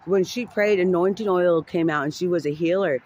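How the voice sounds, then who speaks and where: A man with a notably high voice tells a heated personal story. He rambles and swears, restarting his sentences and filling gaps with "you know". A faint noise hangs under the recording. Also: a little fast, a little mellow, lo-fi sound. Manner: rambling, profane, many fillers and restarts.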